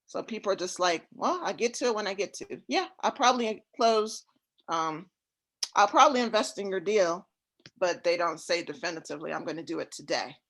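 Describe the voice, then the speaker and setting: A woman on a coaching call, talking in a laid-back, fairly monotone way about her trouble closing deals. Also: brisk. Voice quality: even, fairly monotone delivery. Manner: laid-back, relaxed and low-key. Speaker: real estate syndicator seeking coaching.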